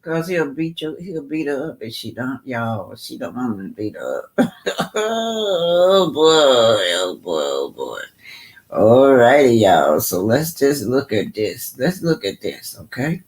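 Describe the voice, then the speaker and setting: Reacting to video clips, a male commentary host speaks slowly in a sing-song, medium-pitched voice. He gets heated and emphatic, stumbling over words and saying things more than once.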